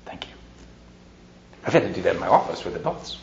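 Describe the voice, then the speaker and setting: A man's voice: low voice, sing-song, a little fast, vocal fry, slight background noise. A man giving informal parenting advice to an audience in a folksy way, acting out quoted lines as he goes. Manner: folksy, acts out quoted lines with shifting loudness. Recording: dull lo-fi recording.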